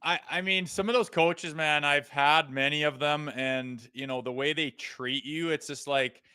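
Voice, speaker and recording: A man's voice: fairly high pitch, steady tone, unhurried, pushed and bright, smooth, no echo, clean studio sound. A man co-hosting a sports talk show, a former player, talking earnestly and heatedly in agreement. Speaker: co-host, former hockey player. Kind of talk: casual chat.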